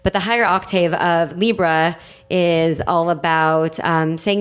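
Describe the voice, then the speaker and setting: A woman astrologer guesting on a podcast, chatty and animated, talking casually with plenty of fillers. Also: on the low side, measured pace.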